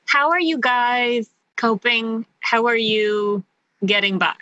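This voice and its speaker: A woman hosts a relaxed interview with eager warmth and ready laughter. Her voice is bright and pitched a little high. The sound is dry and close to the mic. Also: slow pace, no echo, lo-fi sound. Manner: enthusiastic, laughs easily. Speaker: podcast host. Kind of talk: casual interview chat.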